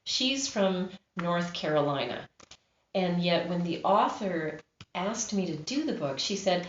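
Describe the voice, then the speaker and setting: A woman audiobook narrator talking about her work in a lively, expressive way. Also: fairly low pitch, measured pace, a little hiss or hum. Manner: lively, expressive, acts out examples. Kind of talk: interview answers, casual. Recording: dull roomy recording.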